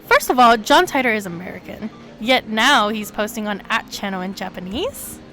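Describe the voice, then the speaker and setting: A woman streamer reading a visual novel aloud, with sudden excited leaps in her voice. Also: moderate pace, faint music behind. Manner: animated reading with sudden high excited jumps.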